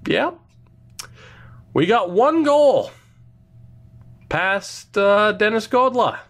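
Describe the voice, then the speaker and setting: A young man talks through his hockey video game run in a loose, joking way, mocking himself as he goes. His pitch jumps around a lot, and he drags out his pauses for effect. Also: big pitch swings, a bit bright. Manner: playful, self-mocking, drawn-out pauses. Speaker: gaming video host. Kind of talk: casual game commentary.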